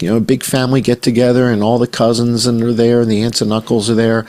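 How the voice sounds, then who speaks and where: A man, a journalist guest on a podcast, talking in an animated, conspiratorial storytelling way and swearing casually. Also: medium pitch, fast talker. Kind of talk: podcast conversation.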